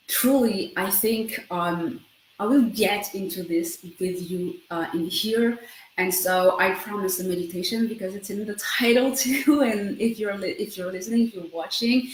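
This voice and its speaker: A woman in her thirties talking fast in a personal self-help vlog, often breaking off mid-sentence and adding "right?". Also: mid-range voice, echoey room, a little hiss or hum, poor audio. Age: 30s. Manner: fast, self-interrupting, keeps asking "right?". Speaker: vlogger.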